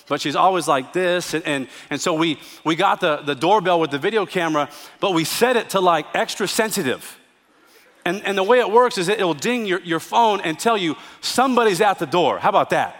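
Male pastor, light-pitched, preaching in a big echoing sanctuary; humorous stories, hushed then emphatic. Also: a little fast. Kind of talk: sermon. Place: church sanctuary. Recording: church sanctuary with long reverb.

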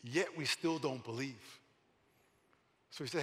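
A man, a pastor, preaching a lively sermon, often laughing and repeating phrases for emphasis. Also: on the high side, moderate pace. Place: large church sanctuary. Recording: long hall reverb.

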